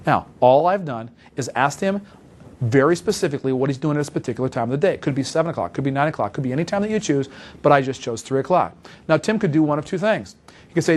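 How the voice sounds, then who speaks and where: A man gives an instructional talk as a sales trainer, driving each point home with emphatic, repeated coaching. He talks very fast in a slightly high voice. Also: expressive.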